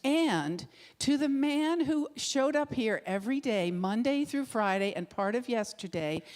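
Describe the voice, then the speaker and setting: A woman's voice: fairly high pitch, animated, a little slow, a little mellow. Woman making announcements in a reverberant sanctuary. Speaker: announcer at a spiritual center. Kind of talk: church announcements. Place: church sanctuary.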